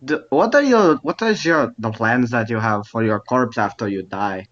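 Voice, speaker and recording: A man's voice: mid-range voice, expressive, normal speed, fairly bright tone, dull audio. A man playing a tabletop game, joking in a laid-back way. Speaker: player. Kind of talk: casual tabletop play.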